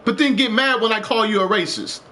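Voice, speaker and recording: A man's voice: high voice, a little fast, bright, forceful tone, slight background noise. A man streaming a game live, ranting with passion, repeating himself and swearing. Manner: impassioned, repetitive, swears, rising to urgent.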